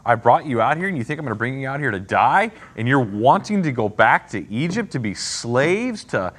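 A man's voice: fairly high pitch, sing-song, moderate pace, fairly bright tone. A man voicing God as an exasperated male figure who scolds his people with rhetorical questions. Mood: indignant.

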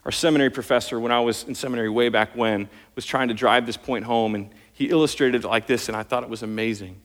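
A man preaches in an earnest sermon voice, pushing harder when he drives a point home. His voice sits at an ordinary middle pitch. A long reverb trails his words, as in a large church sanctuary. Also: fairly even intonation, fast, fairly bright tone. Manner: earnest preaching, rising in intensity on key points. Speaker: pastor.

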